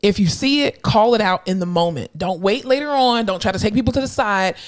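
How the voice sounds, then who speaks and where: A woman's voice: mid-range voice, a little fast. A young adult woman co-hosting a podcast, telling stories bluntly and acting out quotes in casual chat. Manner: blunt, animated storytelling with voiced quotes. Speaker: podcast co-host.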